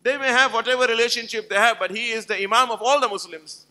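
A man's voice: extremely high pitch, fairly even intonation, fast, sharp tone. A man giving an emphatic religious lecture to a live gathering, telling stories and putting rhetorical questions to the audience. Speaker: Islamic lecturer.

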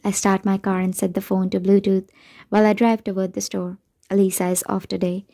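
A woman reads a first-person novel aloud in a measured, steady way. Her voice is mellow and dark, with a flat, even pitch line. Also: creaky. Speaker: audiobook narrator.

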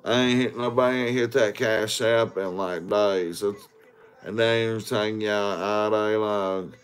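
A man's voice: lowish voice, steady tone, a little slow, clear, resonant tone. A man hosting a casual walking livestream on his phone, rambling crudely at viewers and begging for likes. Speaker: livestream host.

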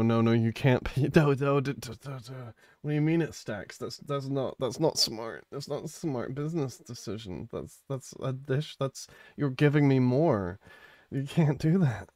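A man live-streaming in casual chat, flustered and pleading, saying he is tired and a little high, who repeats words in bursts. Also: moderate pace, a little mellow, no echo, studio quality.

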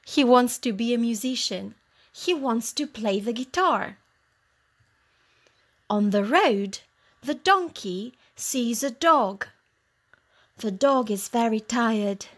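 A woman teacher narrating a simple storybook for young English learners in clear, short phrases. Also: on the high side, animated, takes it slowly, pauses often.

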